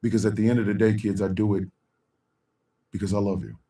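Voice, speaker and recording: A middle-aged man hosting a live talk stream, speaking in a heartfelt, slow way with long dramatic pauses. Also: fairly low pitch, level tone, distant mic. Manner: bursts into a loud shouted sign-off. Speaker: show host.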